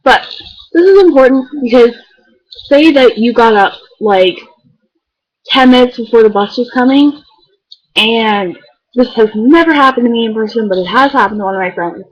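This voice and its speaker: A woman's voice: on the high side, normal speed, pauses often, dull audio. A teenage girl chatting casually to the camera, rambling and filling her talk with "like". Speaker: beauty vlogger. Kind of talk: casual chat.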